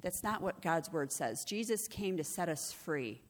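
A woman's voice: fairly low pitch, expressive, a little slow. A middle-aged woman preaching a sermon, earnest and conversational, often restarting and asking "right?" as she goes. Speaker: executive director and preacher. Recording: long reverb of a hall.

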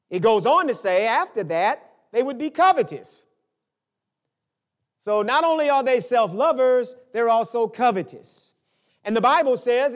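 Animated older preacher. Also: male voice. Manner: animated preaching, swinging from low asides to high emphatic peaks. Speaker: pastor. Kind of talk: sermon.

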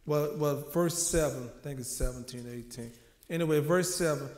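A man preaches in a conversational, emotional style, his voice sitting a little high for a man. The sound rings in an echoey church room. He dips into the voices of the people in his stories. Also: moderate pace, darkish tone. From New Orleans. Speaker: minister. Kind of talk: sermon.

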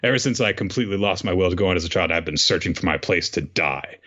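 Guy reading a calm traitor confessing, deep voice, lo-fi. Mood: resigned. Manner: read-out dialogue, measured. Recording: dull lo-fi audio.

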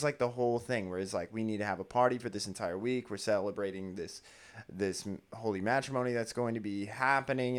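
Smooth-voiced man in animated chat. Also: mid-range voice. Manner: rambling, animated, laughs often, restarts. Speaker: podcast co-host. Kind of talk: casual discussion.

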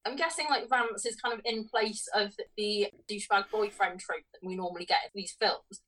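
A woman's voice: mid-range voice, fairly even intonation, normal speed, fairly bright tone. A woman co-hosting a film podcast, dismissing a bad movie with wry, laughing criticism. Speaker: podcast co-host. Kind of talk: casual film review chat. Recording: voice distant from the mic.

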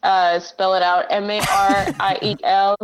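A woman guest joining a casual chat by phone call, cheerful and quick to laugh. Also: mid-range voice, little pitch movement, background noise. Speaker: guest illustrator. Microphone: phone call audio. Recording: dull phone-call audio.

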